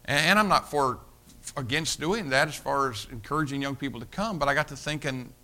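A pastor tells a story during his sermon in a folksy way, repeating his words and swinging between loud emphasis and hushed tones. His voice sits in the mid range, and he moves at a brisk clip.

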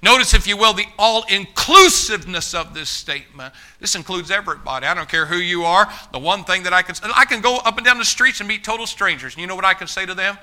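A pastor in his fifties preaching a sermon in a church, fiery and emphatic, repeating phrases and building to shouts. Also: high-pitched, fast talker, hardly any pauses, rough recording. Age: 50s. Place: church sanctuary.

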